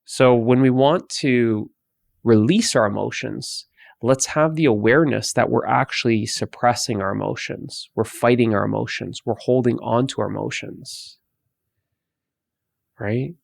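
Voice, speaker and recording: A man teaching about emotions in a slow, repetitive way, often restarting his sentences. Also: medium pitch, creaky, no echo. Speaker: meditation teacher. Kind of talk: spoken guidance talk.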